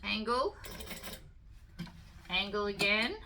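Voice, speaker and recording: A woman's voice: mid-range voice, slow pace, background noise. A woman giving a casual, chatty sewing tutorial, explaining each step as she works.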